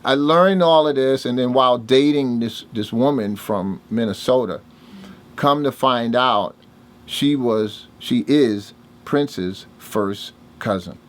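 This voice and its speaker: An older man, telling stories in a casual interview and acting out the dialogue with big swings in his voice. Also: slow. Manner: animated storyteller, acts out dialogue with big pitch jumps. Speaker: interviewee, music producer.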